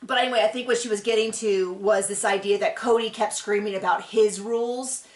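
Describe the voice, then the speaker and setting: A woman's voice: mid-range voice, steady tone, fast. A woman hosting a reality-TV recap, chatty and opinionated, rambling with lots of fillers. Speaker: TV show recap host. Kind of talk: casual reality-TV recap commentary. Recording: echoey room.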